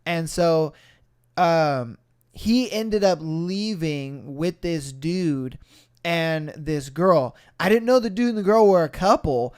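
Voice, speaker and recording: Animated young man telling a wild story. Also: fairly high pitch, slow pace, clear, resonant tone. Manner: animated, swearing, acts out voices in quotes. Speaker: podcast host. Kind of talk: casual storytelling chat.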